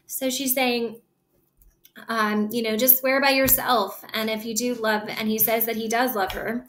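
A woman explaining a play to students in a loose, casual way. She fills her talk with "like" and "um", and her voice sits a little high for a woman. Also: little pitch movement, normal speed, a bit bright.

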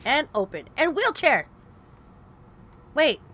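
A woman's voice: high voice, sing-song, slow pace, sharp tone. A young woman commenting on her gameplay, swearing in frustration and talking to herself and her viewers. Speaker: gaming video host.

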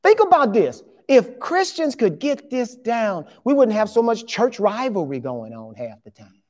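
A pastor in their fifties, preaching a sermon in an emphatic, conversational way with quick asides to the congregation. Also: high voice. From Louisiana, USA. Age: 50s.

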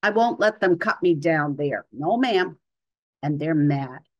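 A woman's voice: sits low, expressive, measured pace, lo-fi sound. A woman voicing a weary, bitter older female hospital patient who talks plainly and sounds resigned, with folksy grammar.

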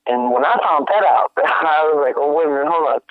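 A man, a guest musician, telling stories in casual chat, animated and slangy, laughing often. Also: on the high side, brisk, dry recording. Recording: dry, tinny phone-like sound.

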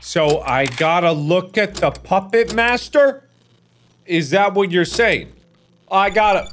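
A man hosting a horror game let's play, excitable and rambling, slipping into silly baby talk. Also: high-pitched, takes it slowly. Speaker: gaming video host.

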